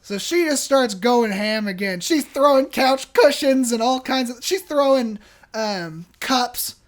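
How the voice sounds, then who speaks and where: A man co-hosting a podcast, telling a job story in an animated way and laughing often. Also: very high-pitched, measured pace. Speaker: podcast co-host. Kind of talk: casual storytelling.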